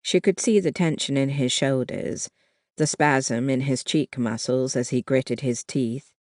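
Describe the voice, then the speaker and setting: An audiobook narrator reading a historical novel at a slow, unhurried pace. The delivery stays measured and even from line to line. The recording is dry and close, with no room sound. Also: medium pitch, no echo. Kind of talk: scripted narration.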